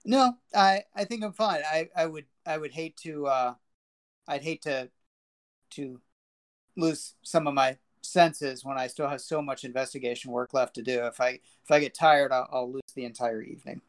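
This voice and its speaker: A man's voice: mid-range voice, moderate pace, lightly acted. A man playing a stammering polite investigator. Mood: flustered. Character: nervous, earnest male investigator. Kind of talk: tabletop game role-play.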